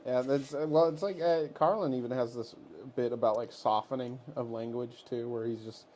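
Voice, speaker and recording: A man's voice: medium pitch, fairly even intonation, normal speed, darkish tone, a little hiss or hum. A man co-hosting a podcast in a laid-back, agreeable way, often chuckling along. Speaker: podcast co-host. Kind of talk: casual chat.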